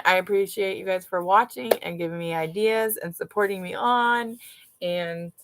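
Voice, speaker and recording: A woman's voice: mid-range voice, gravelly, sharp tone, no room sound, poor audio. A woman vlogging live from her dining room, chatting and thinking aloud as she sorts craft supplies. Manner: chatty, rambling, thinks aloud while sorting. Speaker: mom vlogger hosting a livestream. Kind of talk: casual live decluttering chat.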